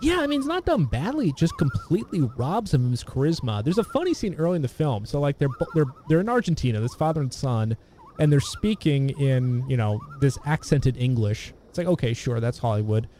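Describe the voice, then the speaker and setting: A man chatting casually about old films, meandering and halting, often restarting his sentences. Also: on the high side, big pitch swings, warm tone, slight background noise. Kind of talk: casual film discussion.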